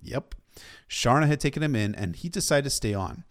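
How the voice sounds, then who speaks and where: A man's voice: mid-range voice, animated, moderate pace. A man retelling a novel in a casual storytelling style, sometimes stopping for emotional asides. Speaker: book recap narrator.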